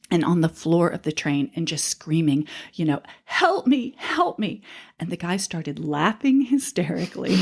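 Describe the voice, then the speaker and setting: Lower-pitched woman telling a story. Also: a little mellow. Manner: reads a transcribed story aloud, laughing easily. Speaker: podcast co-host. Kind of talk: casual storytelling chat.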